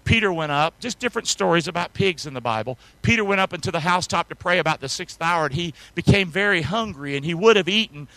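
A man's voice: fairly high pitch, expressive, fast, few pauses, bright, forceful tone, no room sound, rough recording. A man preaching a sermon, reading old-style scripture aloud and asking the congregation to say words back with him. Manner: call-and-response, asks congregation to say words; reads archaic scripture aloud with emphasis.

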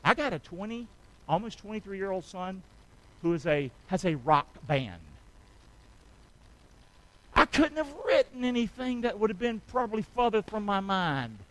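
Middle-aged male pastor, high bright voice, call-and-response preaching with amens. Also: expressive, normal speed, long pauses, low-quality recording. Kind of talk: sermon.

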